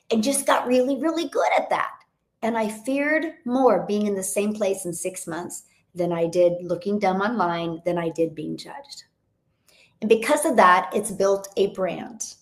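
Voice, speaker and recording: An upbeat woman with a hoarse voice, chatting with viewers in a motivational coaching live stream from her home. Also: mid-range voice, reverberant. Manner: energetic, motivational, chatty with frequent laughs. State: hoarse voice from a long event. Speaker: online business coach.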